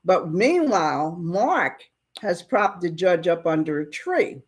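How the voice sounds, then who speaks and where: A woman preaching in an unhurried way, retelling a tale before turning it into a lesson. Her pitch swings widely as she puts questions to her listeners. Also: breathy edge. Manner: animated, asks the listeners questions. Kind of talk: sermon storytelling.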